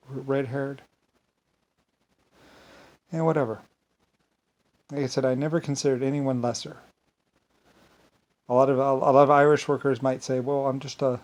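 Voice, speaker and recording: A man's voice: medium pitch, darkish tone. A man giving a meandering, grandiose unscripted monologue, often repeating himself. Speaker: solo speaker.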